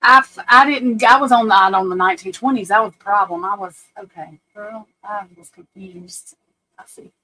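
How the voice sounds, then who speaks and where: A woman's voice: medium pitch, fairly quick, hardly any pauses, sharp tone, low-quality recording. A woman, hosting a casual livestream at home, chatty and self-deprecating, talking to viewers and her computer. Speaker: livestream host.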